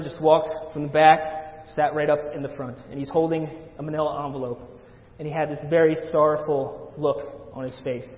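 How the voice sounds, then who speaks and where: A man preaching a sermon in a church, earnest and pleading, repeating his phrases for emphasis. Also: fairly high pitch. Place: church sanctuary. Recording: echoey church hall, dull lo-fi sound.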